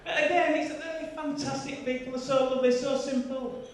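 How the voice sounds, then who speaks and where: A high-pitched man in his fifties works through a stand-up comedy routine, chatting and teasing the crowd with quick tag questions. His voice sounds distant, caught in a very echoey venue with an audience laughing along. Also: steady tone, heavy background noise. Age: 50s.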